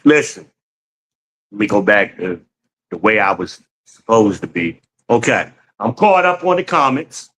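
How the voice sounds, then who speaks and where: Casual livestream host, a man. Loose, profane and animated, mid-pitched voice. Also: slight background noise, poor audio. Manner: profane, animated, laughs often, talks to chat as y'all. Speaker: livestream host reading chat.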